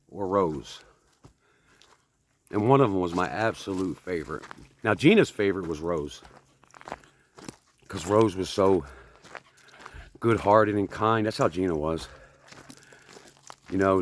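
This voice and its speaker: A man in his fifties from the United States, chatting casually while walking outdoors on a hike. He rambles and pokes fun at himself, a little out of breath. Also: fairly low pitch. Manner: rambling, chatty, self-deprecating. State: slightly out of breath. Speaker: vlogger.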